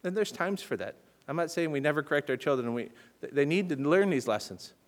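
Animated storytelling preacher man. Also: fairly high pitch, fast talker. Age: adult with children. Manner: animated, swings between loud urgency and hushed softness. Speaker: pastor. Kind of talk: storytelling sermon.

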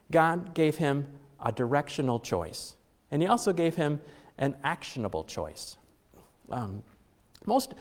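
A middle-aged man preaching a conversational sermon to his congregation, chatty, with joking asides and frequent fillers and restarts. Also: on the high side. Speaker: pastor. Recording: long hall reverb.

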